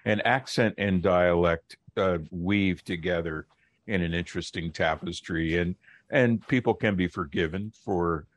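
A middle-aged man, a linguist guest on a radio interview, explaining in a measured, lecturing way and slowing down to stress key words. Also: deep voice, dry recording.

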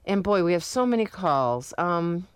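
A woman hosting a public radio talk show, reading out the station details and announcing the break in a measured way. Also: fairly low pitch, lively intonation, clear, resonant tone, no echo. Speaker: radio host.

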